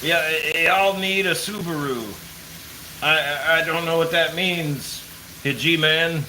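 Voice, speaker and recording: A man's voice: fairly high pitch, steady tone, a little slow, bright, forceful tone. Joking man in an echoey, noisy space. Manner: joking banter, crude. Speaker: co-host. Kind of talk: casual chat. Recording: echoey with background noise.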